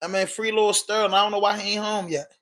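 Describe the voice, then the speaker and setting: A man's voice: sits high, fairly even intonation, fast talker, fairly bright tone. Slangy Baltimore man on a livestream. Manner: loose and slangy, reading out and answering viewer comments. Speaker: podcast host. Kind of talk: casual livestream chat.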